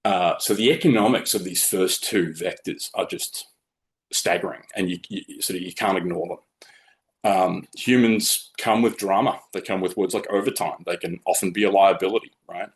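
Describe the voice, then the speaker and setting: A man's voice: deep voice, steady tone, moderate pace. A man presenting a webinar from slides in a blunt, opinionated, conversational way.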